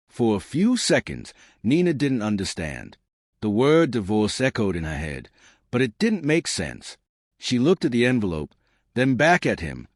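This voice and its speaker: A man narrating an audio story in a calm, expressive way, recorded on a close mic. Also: fairly low pitch, moderate pace, no room sound.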